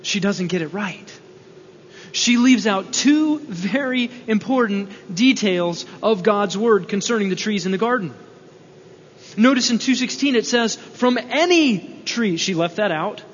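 High-voiced man preaching in an echoing hall. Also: measured pace. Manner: earnest, explanatory, rhetorical questions. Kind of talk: expository sermon. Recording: dull, reverberant hall recording with faint hum.

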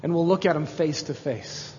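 A man with a high voice preaches a sermon, pressing each point with emphasis. His voice rings through a long hall reverb. The recording sounds somewhat dull. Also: moderate pace, darkish tone, slight background noise. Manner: emphatic preaching, rising to exclamations. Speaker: pastor.

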